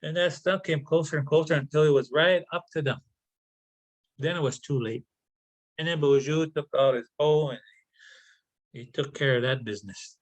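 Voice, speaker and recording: A man tells a traditional tale in a relaxed, conversational way over a video call. He often halts and repeats words, and breaks off for casual asides. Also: a little high, normal speed, long pauses, poor audio. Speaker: storyteller. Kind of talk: oral traditional storytelling.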